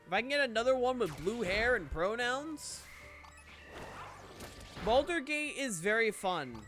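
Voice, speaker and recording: A man's voice: very high voice, animated, measured pace, over music. A man streaming a game and chatting casually, rambling with frequent swearing and restarts. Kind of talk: casual chat while gaming.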